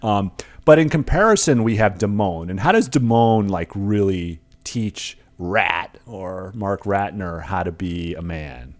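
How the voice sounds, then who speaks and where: A man's voice: deep voice, expressive, unhurried. A middle-aged man co-hosting a podcast, discussing a film in a rambling, casual way. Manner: rambling analysis with many restarts and fillers. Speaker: podcast co-host. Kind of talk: casual chat.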